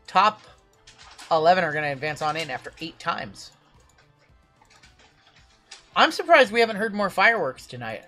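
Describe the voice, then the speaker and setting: A man hosting a live-stream card break, chatty and reading lists of names quickly. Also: high voice, sharp tone.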